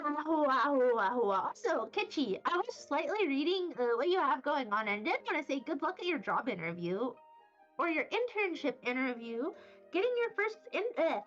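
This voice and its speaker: A young woman from Wyoming chats on stream in a high, lively voice, jumping between silly tangents. The sound is a little dull and muffled. Faint music plays underneath. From Wyoming, USA. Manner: rambling, silly and playful. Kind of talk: casual chat, reading chat messages. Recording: slightly dull audio with faint background music.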